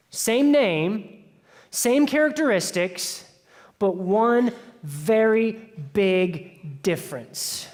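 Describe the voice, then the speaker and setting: A man preaching a sermon as pastor, telling the story in a conversational way and dropping into hushed asides. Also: on the high side. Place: church sanctuary. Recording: church hall with long reverb.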